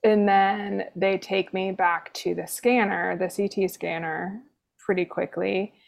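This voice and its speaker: A woman's voice: medium pitch, fairly even intonation, slow, creaky. A woman nurse, a guest in an interview, telling a personal story casually with sarcastic, dry humor and lots of fillers. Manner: chatty, many fillers like "like".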